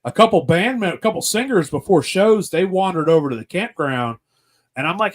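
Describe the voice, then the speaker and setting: A man's voice: high voice, lively intonation, brisk. A man from Pennsylvania hosting a podcast, telling profane stories in casual chat and acting out the voices of people he quotes. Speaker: podcast host.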